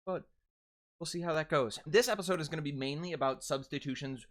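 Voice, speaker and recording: A man's voice: on the high side, brisk, fairly bright tone. A young American man teaching dialect vowels in a casual how-to lesson, chatty, with fillers and self-corrections, drawing out sounds to demonstrate. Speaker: dialect coach.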